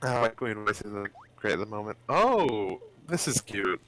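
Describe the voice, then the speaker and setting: A man's voice: lowish voice, very animated, moderate pace, bright, forceful tone, slight background noise, rough recording. A man hosting a let's play, chatting casually and laughing as he rambles about the game. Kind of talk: casual gaming chat.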